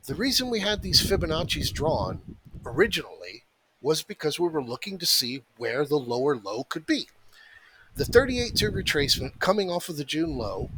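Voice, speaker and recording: Blunt, profane man with a bright, forceful voice. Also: a little high, slight background noise. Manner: blunt, profane, emphatic, repeats phrases. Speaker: options trading educator. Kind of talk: market analysis with a rant.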